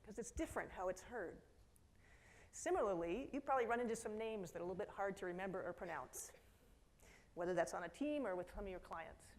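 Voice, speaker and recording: A middle-aged woman speaking from a conference stage, her keynote talk lively and story-driven. She drops into quoted voices and talks straight to the crowd, with a mid-range pitch. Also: brisk. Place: conference hall.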